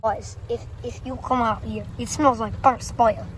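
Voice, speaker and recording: A woman's voice: on the high side, steady tone, normal speed. A chatty, giggly woman vlogging outdoors by a railway crossing in the rain. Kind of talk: casual vlog chat. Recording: outdoors with heavy rain noise.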